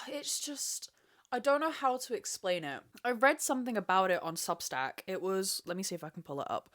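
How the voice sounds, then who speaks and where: A woman in her twenties rants on her solo podcast, speaking to camera in a sweary, emphatic way. Her voice sits at an ordinary middle pitch for a woman. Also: expressive, fairly quick, a bit bright. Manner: profane, emphatic, ranting. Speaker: podcast host. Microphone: camera mic, speaking to camera.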